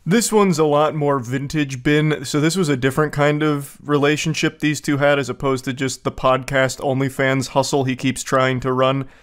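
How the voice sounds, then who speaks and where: A man's voice: medium pitch, steady tone, normal speed, hardly any pauses. Sarcastic male commentary host. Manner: incredulous, mocking, blunt with profanity.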